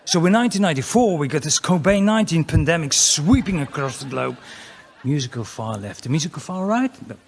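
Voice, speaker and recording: A man with a Dutch accent doing a crude, mocking stand-up routine, often jumping into loud, high exclamations. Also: big pitch swings, fairly quick, vocal fry, a little hiss or hum. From Netherlands. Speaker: comedian.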